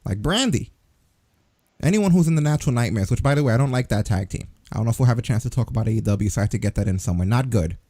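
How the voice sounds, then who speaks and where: A man's voice: mid-range voice, expressive, very fast, dark tone, dry recording, clean studio sound. A man co-hosting a wrestling news podcast in casual chat, ranting sarcastically with plenty of swearing. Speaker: podcast co-host.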